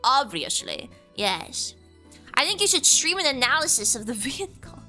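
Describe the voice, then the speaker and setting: A woman's voice: high-pitched, fast talker, faint music behind. A young woman streamer from the American South, chatting casually and teasing her viewers as she reads their messages aloud. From Southern United States. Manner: playful, teasing, animated. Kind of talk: casual livestream chat, reading chat aloud.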